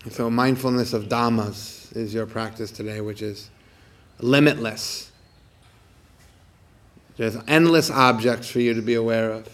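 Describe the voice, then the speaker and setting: Guy leading a meditation outside, calm and gentle, mid-pitched voice, lots of soft repeated questions. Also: unhurried, pauses often. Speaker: meditation teacher. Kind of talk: guided meditation talk. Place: outdoors on a morning walk.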